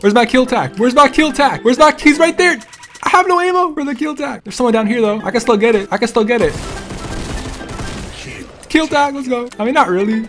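A young man giving jokey gameplay commentary, trash-talking, boasting loudly and then grumbling under his breath. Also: very high-pitched, fairly quick, soft background music. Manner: animated, jokey and trash-talking, swings between loud boasts and mumbled gripes. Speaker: gaming YouTuber.

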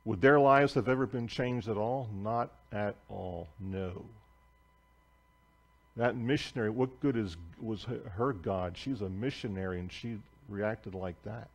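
Slow, emphatic male preacher. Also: on the low side. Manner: emphatic storytelling, swinging between loud and hushed. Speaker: pastor. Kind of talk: sermon. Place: church sanctuary.

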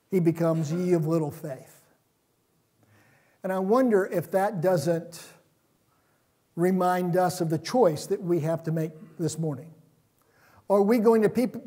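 A man preaching a sermon in a church, retelling stories in a relaxed, conversational way. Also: high-pitched.

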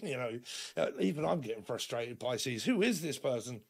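A man's voice: medium pitch, lively intonation, normal speed, gravelly, slightly rough. A man giving a casual, rambling tarot reading. He laughs often and acts out little imagined conversations. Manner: acts out imagined dialogues in shifting voices. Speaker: tarot reader.

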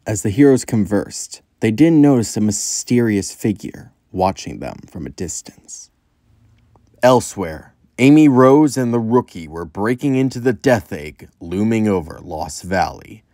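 A man reading a fan story aloud in steady storytelling narration. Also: lowish voice, measured pace, dry recording, studio quality.

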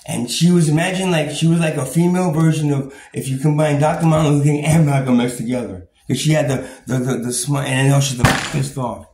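A man's voice: fairly high pitch, steady tone, fast, hardly any pauses, a little mellow. A man ranting angrily about his own experiences, swearing often, stumbling over repeated words and breaking into bitter laughs. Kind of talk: angry personal rant. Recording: roomy echo, faint background noise.

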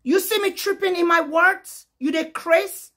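A woman's voice: very high-pitched, unhurried, fairly bright tone. A woman with a Nigerian Pidgin accent, giving a fiery, emphatic vlog rant that switches between Pidgin and English. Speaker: social media commentator.

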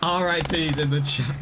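Excitable young male gameplay streamer. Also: on the high side, heavy background noise. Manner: rambling, self-mocking, excitable. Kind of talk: live gameplay commentary.

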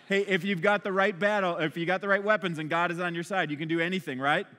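Bright-voiced male pastor preaching. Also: sits high, quick pace, few pauses. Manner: energetic, conversational preaching. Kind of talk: sermon. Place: church stage with a congregation. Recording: long hall reverb.

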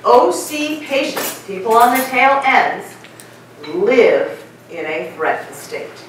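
A middle-aged woman delivers a keynote talk, keeping it lively with questions to her audience. Her voice sits a little high and rings around a big echoing conference hall, picked up from some distance. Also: takes it slowly, slight background noise. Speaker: keynote speaker. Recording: echoey hall, mic from far off.

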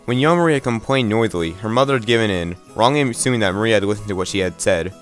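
A man's voice: fairly low pitch, lively intonation, fast talker, faint music behind. A man reading a visual novel aloud, stumbling and restarting words, with wry asides.

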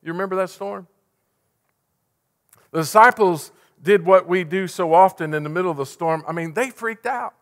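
A man preaching a sermon, fervent one moment and hushed the next. His voice sits slightly high, and it rings out with a long reverb in a church sanctuary. He builds to urgent peaks, then drops to near a whisper. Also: normal speed. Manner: impassioned, swinging from loud urgency to hushed softness. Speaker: pastor.

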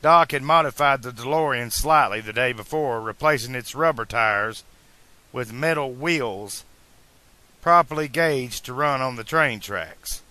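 Guy reading a fan audiobook, bright sharp voice, pace speeds up and slows down. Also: medium pitch, no echo. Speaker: audiobook narrator. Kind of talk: amateur audiobook narration.

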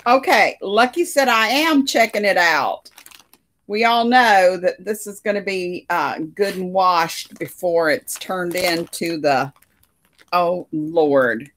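Speaking slowly in a lowish, fairly bright voice, a woman hosts a casual crochet livestream in her living room, with slight background noise. She chats with her live audience, reads comments out, and laughs frequently.

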